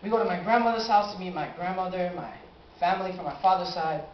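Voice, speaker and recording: An eighteen-year-old man telling a personal story on stage, animated and acting out his own reactions. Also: high voice, quick pace, a little hiss or hum. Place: live stage in a small cafe venue. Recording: roomy, dull amateur live recording.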